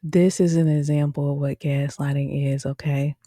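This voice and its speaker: A woman's voice: sits low, normal speed, no echo, studio quality. A woman hosting a show review, chatting casually and animatedly to her viewers. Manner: chatty, addresses viewers directly as "y'all"; animated, with frequent "um" and "okay?". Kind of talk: casual commentary.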